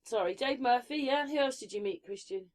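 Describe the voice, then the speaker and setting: Slightly high-voiced woman host. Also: fairly quick. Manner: prompting questions. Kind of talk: casual chat.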